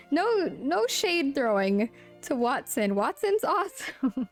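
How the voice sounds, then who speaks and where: Giggly young woman streaming a game, high lively voice, talks slow, music faint behind. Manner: giggly, playful, jokey asides to chat. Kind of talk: casual live-stream commentary.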